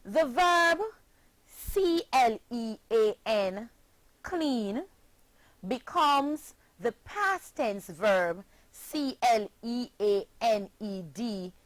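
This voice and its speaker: A woman's voice: on the high side, no room sound, poor audio. A woman with a Jamaican accent teaching a scripted phonics lesson, spelling words out letter by letter.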